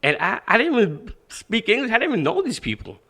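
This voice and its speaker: A man's voice: high voice, fast. A man, a boxing coach, telling stories as a podcast guest in a casual, profane way. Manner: animated, profane, acts out quoted speech. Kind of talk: casual interview storytelling.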